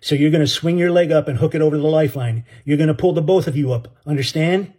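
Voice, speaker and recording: A man voicing a badly burned male sailor who gives gruff, croaking commands and urges on a younger man. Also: fairly high pitch, fast talker, darkish tone. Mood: commanding.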